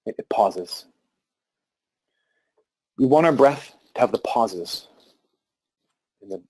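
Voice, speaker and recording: A man giving a live talk to an audience about meditation and breathing, speaking calmly with pauses and restarts. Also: mid-range voice.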